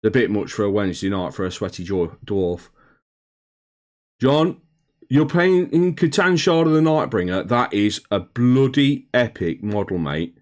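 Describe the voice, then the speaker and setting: This streamer's voice is lowish and darkish in tone, a little slow but lively in intonation. Chatting casually from his home hobby room, he reads chat, names viewers, calls them mate and lets the occasional swear slip.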